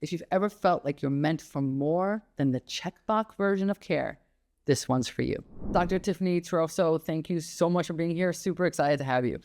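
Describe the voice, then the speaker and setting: A woman's voice: low-pitched, normal speed, darkish tone. A middle-aged woman hosting a health podcast, reading a scripted intro and then chatting with a guest in an upbeat, enthusiastic way. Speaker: podcast host. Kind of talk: scripted intro then casual interview chat.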